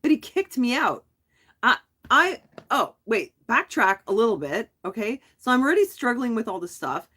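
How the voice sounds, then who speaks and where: A woman vlogger talking casually on a live stream, telling a story in a rambling, animated way with frequent restarts. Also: fairly high pitch, normal speed, breathy edge. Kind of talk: casual chat.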